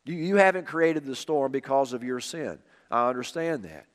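Guy preaching, mid-range voice, punchy repeats then goes quiet, big echoey hall sound. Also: medium pitch, expressive, moderate pace. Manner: emphatic preaching, repeats words, drops to quiet for key lines. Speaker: pastor. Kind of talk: sermon. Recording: long reverb of a hall.

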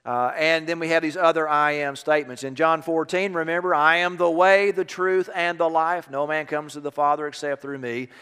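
A man's voice: on the high side, steady tone, moderate pace, hardly any pauses, pushed and bright, clear, resonant tone. Preaching man in a reverberant church. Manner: storytelling, rising to emphatic preaching. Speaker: pastor. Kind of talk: sermon.

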